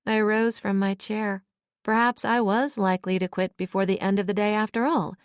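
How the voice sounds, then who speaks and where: A woman's voice: medium pitch, fairly even intonation, moderate pace, clear, resonant tone, no room sound. Woman narrating a romance audiobook, dry. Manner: sarcastic, spirited heroine. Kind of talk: first-person romance narration.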